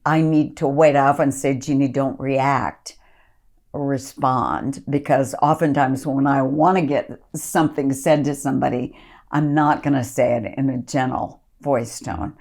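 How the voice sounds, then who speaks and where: A woman's voice: extremely low pitch, fairly even intonation, normal speed, a little mellow. A woman ministry leader giving an earnest podcast teaching talk, reading scripture aloud and coaching listeners.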